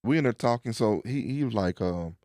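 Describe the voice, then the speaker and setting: A young man hosting a casual podcast chat, telling a story in an animated way and acting out the people he quotes. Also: medium pitch, a little fast, no room sound, studio quality. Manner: animated storyteller who acts out quoted voices. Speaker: podcast host.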